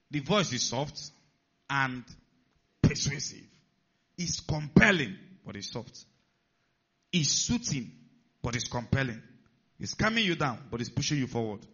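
Man, preacher, slightly high voice, rhetorical questions, muffled lo-fi recording. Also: breathy edge. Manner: animated, rhetorical questions to the audience. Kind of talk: sermon.

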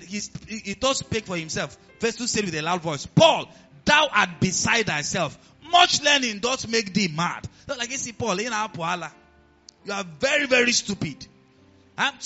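A man with a Nigerian accent preaching a sermon as pastor, animated and often asking the congregation questions. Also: high-pitched, muffled recording.

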